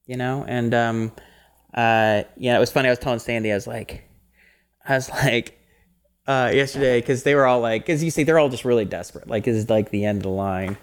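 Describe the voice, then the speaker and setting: A man co-hosting a casual podcast chat, animated and rambling, often breaking into laughter. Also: medium pitch, fairly quick, smooth. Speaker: podcast co-host.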